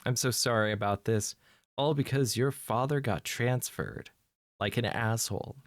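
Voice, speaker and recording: A man's voice: mid-range voice, normal speed, dry recording, studio quality, natural voice. A man reading as a nagging, bitter mother. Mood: complaining. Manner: complaining, exasperated. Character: nagging middle-aged mother, bitter about husband.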